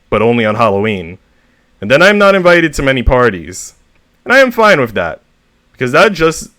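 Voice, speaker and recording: A man reading humorous short stories aloud with a deadpan comic delivery, as a VTuber reader. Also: on the low side, no echo.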